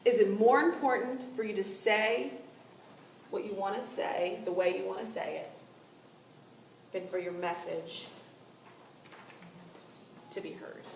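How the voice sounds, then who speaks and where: A young adult woman giving a casual seminar talk to a team about client relations, conversational and animated. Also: medium pitch, unhurried, vocal fry, long pauses. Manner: conversational, animated, acts out quoted lines. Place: meeting room with an audience. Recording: roomy room sound, distant mic, faint noise.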